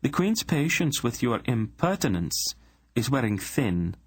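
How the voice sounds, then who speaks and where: A man voicing a sly female royal adviser who speaks with smooth, purring menace. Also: medium pitch, sing-song, measured pace, no echo, clean studio sound, voice pushed up. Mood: silky threat.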